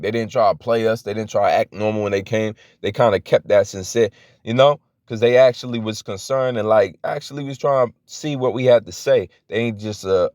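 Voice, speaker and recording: A man's voice: medium pitch, darkish tone, dry recording. A young man giving a loose, conversational teaching talk as a preacher, full of restarts and fillers. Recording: dry, dull lo-fi audio.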